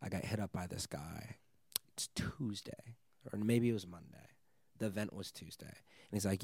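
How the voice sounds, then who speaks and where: A young man, a DJ guest, telling a wild story in casual chat, animated and swearing often, laughing as he goes. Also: deep voice, moderate pace, creaky, breathy edge, no echo, studio quality.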